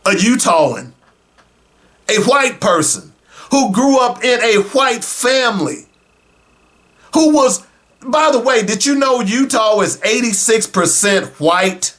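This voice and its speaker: Male radio host, high-pitched, unhurried, sarcastic, shouts for emphasis, talks right to the audience. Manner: animated, sarcastic, bursts into shouting; addresses listeners directly and casually. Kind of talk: talk radio commentary.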